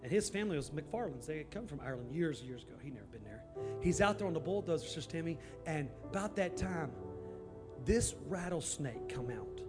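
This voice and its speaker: A man preaching a storytelling sermon in a church, moving from hushed telling to emphatic shouting. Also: fairly high pitch, expressive, brisk. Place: church sanctuary. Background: music.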